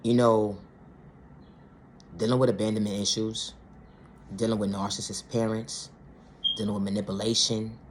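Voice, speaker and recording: A woman's voice: level tone, normal speed, pauses often, a little hiss or hum. Blunt, profane woman ranting on camera. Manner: blunt, profane, repeats "ma'am, sir" and "respectfully"; swings from low, quiet to loud, high outbursts. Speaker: vlogger. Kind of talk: impassioned monologue rant.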